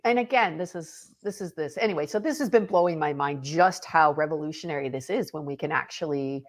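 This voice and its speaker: A middle-aged woman talking as a podcast guest, telling stories in an animated way and acting out the quotes. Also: low voice, brisk. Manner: animated storyteller who acts out quotes. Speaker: podcast guest, author and speaker. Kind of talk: casual faith conversation.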